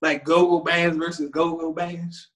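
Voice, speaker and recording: High-pitched dc guy rambling in casual chat, laughs a lot. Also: measured pace. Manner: animated, rambling, laughs often. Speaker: co-host.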